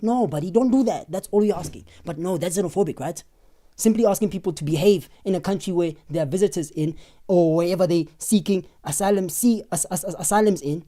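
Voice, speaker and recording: Emphatic South African woman streamer, mellow voice. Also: lowish voice, a little fast. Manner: emphatic, rhetorical, animated. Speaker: livestream host. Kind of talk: heated live commentary.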